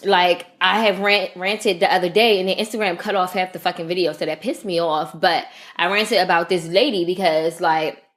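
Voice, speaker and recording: A woman co-hosting a podcast, telling a story in a casual, animated rant and swearing freely. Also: fairly low pitch, moderate pace, few pauses. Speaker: podcast co-host. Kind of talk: casual chat.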